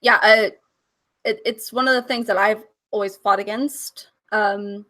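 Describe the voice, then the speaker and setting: A woman's voice: mid-range voice, steady tone, a little slow, pushed and bright. A woman from California, a podcast guest, chatting candidly and laughing and swearing freely. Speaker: podcast guest, cam performer. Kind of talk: casual chat.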